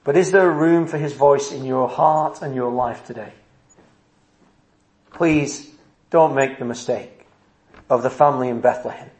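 A man's voice: mid-range voice, measured pace, pauses often, darkish tone. A man preaching a sermon at a church service, earnest and driving his points home with rhetorical questions. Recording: roomy echo.

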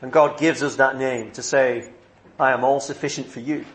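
A man preaching a sermon in an earnest, measured way, leaning on emphatic repeated phrases. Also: medium pitch, steady tone, fairly bright tone.

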